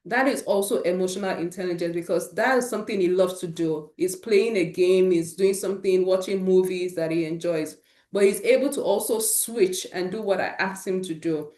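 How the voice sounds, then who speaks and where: A woman's voice: on the low side, normal speed, dark tone, echoey room. A woman hosting an informal talk for parents, speaking earnestly and encouragingly and weaving in personal stories. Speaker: host of a parent support session.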